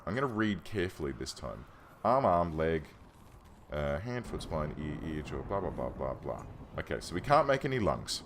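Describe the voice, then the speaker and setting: A man's voice: extremely low pitch, a bit bright, a little hiss or hum. A man hosting a let's play, chatting casually and thinking aloud as he plays, often correcting himself mid-sentence. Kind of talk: casual game commentary. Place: home room.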